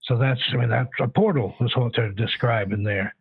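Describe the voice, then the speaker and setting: A man's voice: medium pitch, steady tone, normal speed, creaky, breathy edge, dry recording. A man from the Pacific Northwest calling in as a guest on a radio show, answering in a thoughtful, hesitant way with many fillers. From Pacific Northwest, United States. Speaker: guest, paranormal researcher. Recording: tinny phone line.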